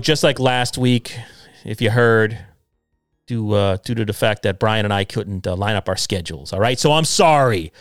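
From his home basement, a middle-aged podcast host runs a solo show, sounding sarcastic, combative, and self-deprecating. His fairly low voice comes through in clean studio sound with no echo.

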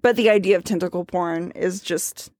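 A woman's voice: lowish voice, fairly even intonation, moderate pace, a little mellow, dry recording, studio quality. Apologetic woman podcast co-host. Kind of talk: casual tipsy chat.

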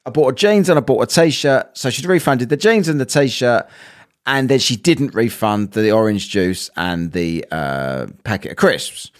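A man's voice: mid-range voice, expressive, measured pace. A young man telling a ranting story with lots of swearing, acting out both sides of a quarrel.

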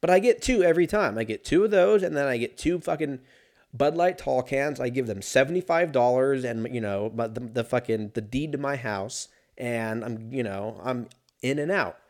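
Young man, mid-pitched voice, casual profane comic rambler, animated. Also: moderate pace. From Los Angeles area. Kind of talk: casual comedic monologue.

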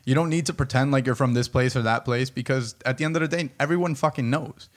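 A young man from New Jersey holds forth in a loose podcast chat at an average pitch. He swears freely and argues his points with animated conviction. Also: fast. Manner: profane, animated, opinionated. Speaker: podcast host. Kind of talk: casual chat.

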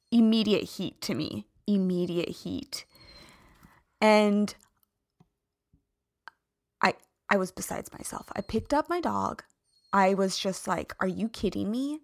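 Slow, candid woman podcaster. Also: medium pitch, a bit bright, no echo, studio quality. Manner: candid, emphatic, confessional. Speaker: podcast host. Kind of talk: personal storytelling monologue.

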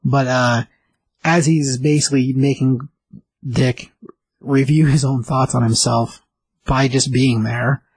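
A man's voice: mid-range voice, steady tone, slow, husky, no room sound, low-quality recording. A man casually retelling a comic book story as a recap host, loose and chatty. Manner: loose and chatty, with many fillers and restarts.

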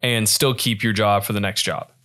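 A man's voice: on the low side, steady tone, normal speed, pushed and bright. A young man co-hosting a podcast, ranting in casual chat and swearing freely. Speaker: podcast co-host.

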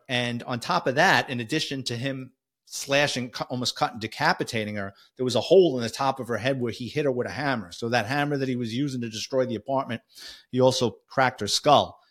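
A man with a New York accent, a former police officer telling a vivid first-person story in a conversational, halting way. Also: mid-range voice, fairly bright tone.

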